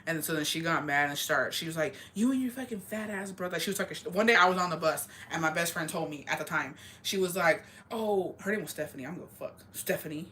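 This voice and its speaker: A young woman telling a story in casual chat, swearing constantly and talking in an animated way. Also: deep voice, quick pace, hardly any pauses, slight background noise. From rural area.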